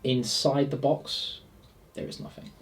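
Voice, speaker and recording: A man's voice: mid-range voice, little pitch movement. Man narrating a tabletop game. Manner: slow, deliberate descriptive narration with fillers. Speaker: dungeon master.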